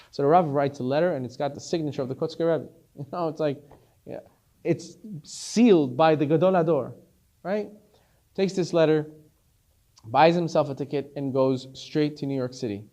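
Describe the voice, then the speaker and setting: Animated rabbi telling a story, man. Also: on the high side, moderate pace. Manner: animated, acts out the characters, repeats words when excited. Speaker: rabbi teaching a class. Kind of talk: storytelling Torah lesson.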